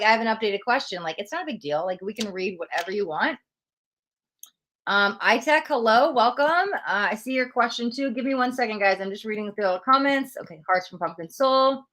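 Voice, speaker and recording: A woman's voice: on the high side, a bit bright. A woman hosting a live tarot stream, chatting casually and reassuringly as she reads viewer comments aloud.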